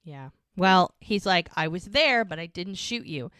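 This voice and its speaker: Woman, podcast co-host, low voice, dry sound, lively recap of a TV episode. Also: unhurried, smooth, no echo. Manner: animated retelling, quoting characters' lines. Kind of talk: casual chat recapping a TV episode.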